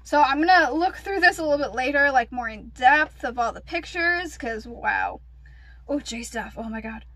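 High-voiced, gushing young woman vlogger. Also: normal speed, dry recording. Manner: gushing, excitable, lots of gasps and "like". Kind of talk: casual unboxing chat.

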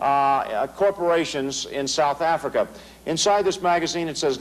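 In a large hall, a middle-aged American man with a fairly high-pitched voice gives a political talk to a big crowd, captured in a low-quality recording. He sounds emphatic and sarcastic, repeating phrases again and again to press his arguments.

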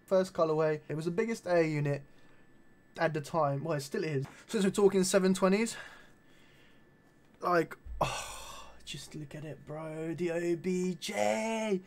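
Young dude, high voice, chatty vlog banter, swears a lot. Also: male voice, unhurried. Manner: animated slangy banter with frequent swearing. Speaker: vlogger. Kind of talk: casual chat showing his shoe collection.

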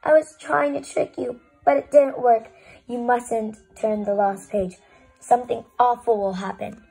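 A woman reads a children's book aloud with theatrical flair, leaning into pleading and exasperated outbursts. Her voice sits somewhat high and carries a gravelly, creaky texture. Soft music plays faintly behind her. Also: fairly even intonation, unhurried, poor audio. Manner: dramatic, swings between pleading and exasperated. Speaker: storybook reader. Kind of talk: expressive children's book reading.

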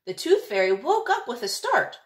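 A woman teacher reading a picture book aloud, in an expressive, lilting storytelling manner. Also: on the high side, normal speed.

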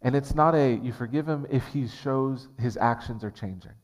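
A mid-range male voice at normal speed belongs to a pastor preaching in a church sanctuary with long hall reverb. He's earnest and conversational and often restarts his phrases.

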